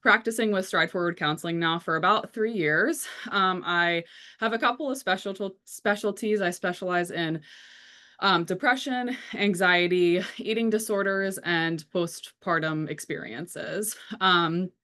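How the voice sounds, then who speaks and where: A young adult woman therapist telling her own story to the camera, with frequent pauses and a questioning "right?" after each point. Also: lowish voice, bright, forceful tone. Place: video recording, indoors.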